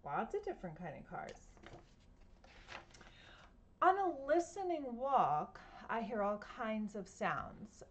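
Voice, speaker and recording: Slow, playful woman reading aloud. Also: fairly high pitch, very animated, a little hiss or hum. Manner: playful, imitating sounds and asking listeners questions. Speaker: storytime reader. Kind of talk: reading a picture book aloud to children.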